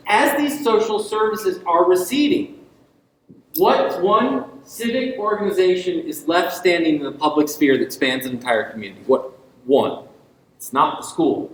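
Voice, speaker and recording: In an echoey lecture hall, a man delivers an invited university lecture to the public, pressing his points with rhetorical questions and ironic asides. His voice sits high and moves at a moderate pace, with slight background noise.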